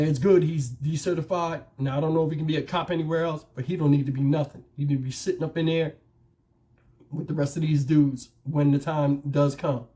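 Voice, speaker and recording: Heated, hoarse-voiced man, fairly high. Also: a little mellow. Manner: heated, emphatic, repeats his points. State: losing his voice. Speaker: YouTube commentary host. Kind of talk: casual commentary to camera. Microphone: wireless lapel mic.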